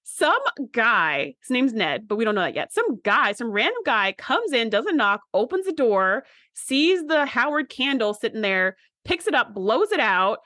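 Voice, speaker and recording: Lively woman podcast co-host. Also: a little high, normal speed, hardly any pauses, dry recording, studio quality. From United States. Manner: animated, acts out characters' lines. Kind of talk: casual chat.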